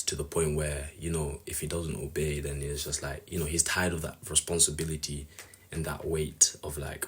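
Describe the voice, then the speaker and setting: A man's voice: rumbling low, fairly bright tone, slightly rough. A man giving a casual devotional talk on a Bible passage, earnest and rambling as he thinks aloud. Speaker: Bible reflection speaker.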